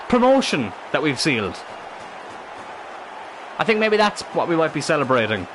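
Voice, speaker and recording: A young man commentating his own football game in casual let's-play style, excitable and thinking aloud, swearing freely. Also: on the high side, normal speed, pauses often, noisy background.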